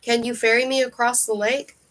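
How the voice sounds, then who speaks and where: A woman reading aloud, voicing a bold young male hound-like warrior who shouts and sings at the top of his voice. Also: a little high, little pitch movement, fairly quick, close to an everyday voice, rough recording. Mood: earnest. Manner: shouts names and sings at full volume.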